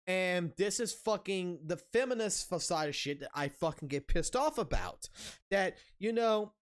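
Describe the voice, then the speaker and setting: A man's voice: sits high, animated, a little slow. A man streaming a casual rant, angry and heavily profane, blunt, repeating himself for emphasis.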